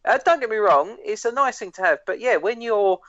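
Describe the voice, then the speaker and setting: A man's voice: high-pitched, expressive, fairly quick, fairly bright tone, no echo. A man co-hosting a podcast, telling rambling anecdotes with laughs and swearing. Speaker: podcast co-host. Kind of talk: casual chat, storytelling. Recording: dry, dull lo-fi podcast audio.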